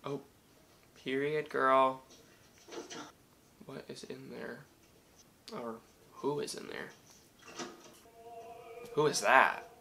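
A man hosting a reaction video, talking back to the screen in excitable, casual commentary. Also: medium pitch, takes it slowly, vocal fry, pauses often, slight background noise, low-quality recording.

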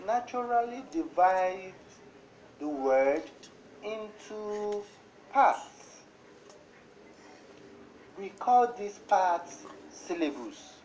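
Slow, lively Nigerian woman teacher. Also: lowish voice. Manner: slow, deliberate word-by-word dictation. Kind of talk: broadcast classroom lesson. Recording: dull lo-fi broadcast audio with faint noise.

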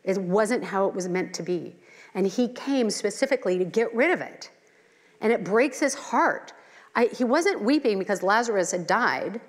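A middle-aged woman teaches a Bible study in an earnest, conversational way. She mixes scripture reading with personal asides and rhetorical questions. Her voice sits at a medium pitch and rings in a hall with long reverb. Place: church hall.

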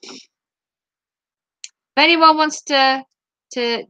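A woman's voice: high-pitched, extremely slow, pushed and bright, no room sound, muffled recording. A woman from Norfolk chatting playfully with viewers on a casual live stream. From Norfolk, England.

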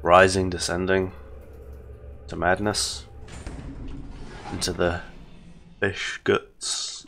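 A man's voice: low-pitched, level tone, very slow, gravelly, pauses often, a bit bright, slight background noise. An English man hosting a game playthrough, rambling casually and poking fun at himself with frequent laughs. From England. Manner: rambling, self-deprecating, laughs often. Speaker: let's play host. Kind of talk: casual gaming commentary.

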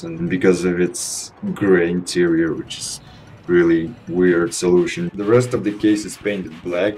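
A young man whose first language is Russian, giving a relaxed, rambling voice-over review of his gaming PC over gameplay, with casual restarts. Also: sits low. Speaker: PC gaming channel host.

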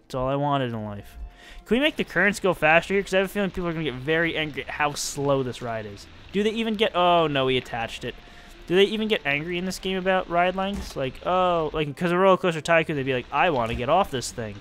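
A man's voice: a little high, lively intonation, fast, fairly bright tone, soft background music. A young man giving casual, self-mocking commentary while playing a building game, talking to himself as he works. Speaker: let's-play gamer.

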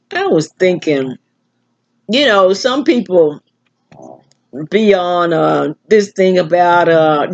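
An older woman, talking to camera in a slow, musing, rambling monologue full of restarts. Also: on the low side, slightly rough, highs cut off. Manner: slow, musing, with many restarts and filler words. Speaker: vlogger.

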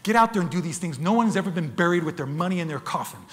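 A high-voiced man tells wild stories at a fast clip, bright and forceful as he acts out each scene. His voice rings with a long hall reverb. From United States. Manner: animated, dramatic storyteller, acts out sounds and voices, addresses the crowd as folks. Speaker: wildlife photographer giving a talk. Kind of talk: lively storytelling presentation to an audience.

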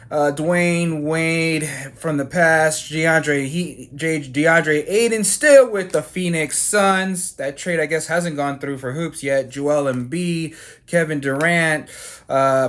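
A man's voice: on the high side, a bit bright. A man hosting his own card-collecting channel, chatting casually as he reads out each card name and cracks self-mocking jokes. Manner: reads card names aloud, jokey and self-mocking, with fillers and restarts. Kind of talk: casual card-opening commentary.

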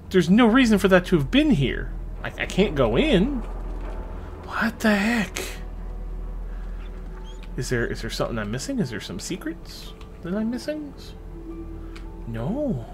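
A young man casually commenting on his gameplay, chatty and excitable, swearing freely as he plays. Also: medium pitch, slight background noise. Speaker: let's play host.

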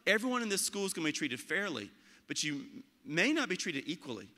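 A man giving a motivational talk about school leadership, animated and acting out quoted voices. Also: high voice, a little fast, long reverb tail. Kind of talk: motivational speech.

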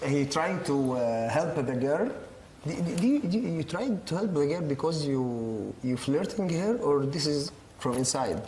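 A man with an Egyptian accent and Arabic as his first language, hosting a TV prank show and asking questions in halting, playful broken English. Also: fairly high pitch, animated, darkish tone. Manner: halting, repeats words, teasing.

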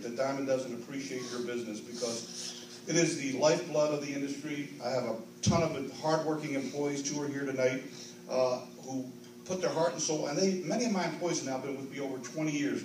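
A man's voice: mid-range voice, darkish tone, a little hiss or hum. An older man giving a grateful, earnest award acceptance speech at a convention banquet, building to emphatic peaks. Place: large convention banquet hall. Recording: roomy hall echo, distant mic, audible ambience.

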